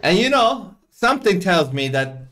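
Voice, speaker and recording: A man's voice: sits high, very animated, moderate pace, a bit bright. A man hosting a reaction video, commenting casually in a profane, mocking way and laughing often.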